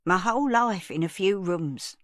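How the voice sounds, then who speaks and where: A woman's voice: lowish voice, animated, normal speed, fairly bright tone, dry recording, studio quality. Woman doing a kindly chatty older lady. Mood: gentle.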